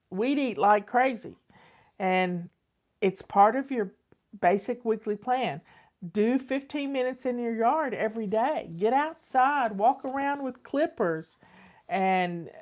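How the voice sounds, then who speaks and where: A woman's voice: medium pitch, a little mellow. An older woman, chatting casually and repeating herself as she answers viewer questions as host. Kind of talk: casual advice chat.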